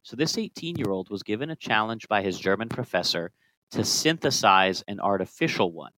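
A man's voice: on the low side, animated, brisk, bright, forceful tone, dry recording, low-quality recording. A man co-hosting a casual podcast, telling chemistry history in a playful, joking way. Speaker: podcast co-host.

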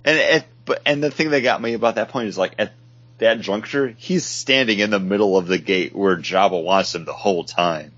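A man co-hosts a podcast, chatting casually and animatedly about comic books and now and then acting out short quotes. His voice sits on the low side, brisk and a little bright, captured dry in dull lo-fi podcast audio.

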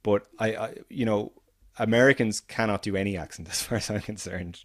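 A man with an Irish accent hosting a film podcast, animated and opinionated, often restarting his sentences. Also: fairly low pitch, brisk, dry recording, studio quality. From Ireland. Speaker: podcast host. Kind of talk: casual film podcast chat.

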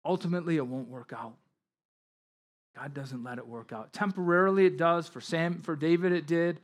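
A man's voice: on the high side, moderate pace. A man preaching a sermon as pastor, reading scripture aloud with emphatic rises and explaining it.

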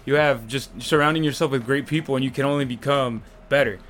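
A man's voice: mid-range voice, fast talker, fairly bright tone, slight background noise. A man in casual conversation, agreeable, often answering with short affirmations. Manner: agreeable, short backchannel replies. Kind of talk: casual chat.

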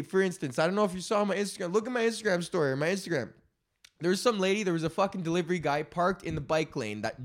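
A man hosting his own podcast, ranting hard and swearing through nearly every sentence. His voice sits high for a man, and he lunges between sharp outbursts and quick asides. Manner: profane, heated ranting. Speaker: podcast host. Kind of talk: solo rant podcast.

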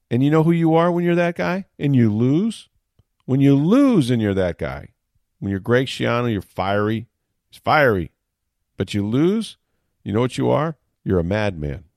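A man giving sports talk commentary as an analyst, animated and emphatic, mocking critics with repeated phrases. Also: medium pitch, no echo, clean studio sound. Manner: animated, mock-quoting critics, emphatic repetition.

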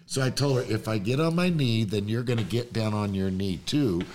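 A man's voice: lowish voice, fairly quick, a little hiss or hum. A man telling a personal story as a podcast guest, acting out the voices of the people in it. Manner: animated storyteller, acts out quoted voices. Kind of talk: storytelling in casual chat.

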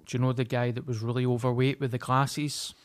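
A man's voice: medium pitch, level tone, fairly quick. A Scottish man co-hosting a podcast, telling stories bluntly and swearing in casual chat. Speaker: podcast co-host.

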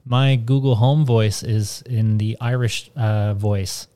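A man's voice: on the low side, fairly even intonation, takes it slowly, dark tone. A man from North America co-hosting a casual podcast chat, telling stories in a rambling way with lots of fillers. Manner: rambling, filler-heavy storytelling. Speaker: podcast co-host.

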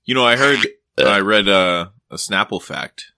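A man's voice: on the low side, expressive, a little slow, vocal fry, sharp tone, dry recording, clean studio sound. A man co-hosting a podcast in casual chat, joking and rambling into silly stories. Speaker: podcast co-host.

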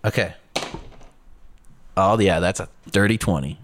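A man's voice: deep voice, unhurried, a little hiss or hum. A man playing a tabletop role-playing game, swearing freely and laughing often. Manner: profane, laughing, excitable. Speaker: player. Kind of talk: tabletop game play, casual.

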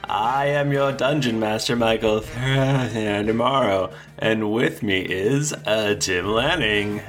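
A man hosting a tabletop game podcast as dungeon master, opening with a theatrical, drawn-out greeting. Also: on the low side, a bit bright, faint music behind.

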